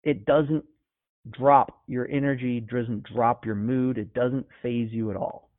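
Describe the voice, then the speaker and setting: A man's voice: medium pitch, fairly even intonation, slow, no room sound. A man giving an emphatic, conversational motivational coaching talk to his clients, with many rhetorical questions. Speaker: business coach. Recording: tinny phone-like sound.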